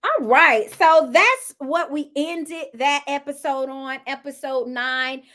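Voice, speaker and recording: A woman's voice: sits high, slow pace, fairly bright tone. A woman with a Southern accent, chatting casually as she reviews a reality show for her viewers, laughing often and addressing them as y'all. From United States. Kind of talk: casual live review chat.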